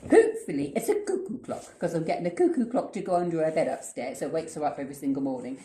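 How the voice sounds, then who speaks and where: Woman, casual unboxing vlog, swears a lot, lively pitch, echoey room, background noise. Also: fast. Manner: excitable, swears freely, squeals with delight. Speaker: vlogger unboxing collectibles.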